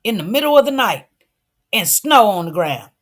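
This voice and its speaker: A woman commentator talking casually to her livestream viewers, telling a story in an animated way, repeating herself and acting out dialogue. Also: mid-range voice, normal speed. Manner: addresses viewers directly.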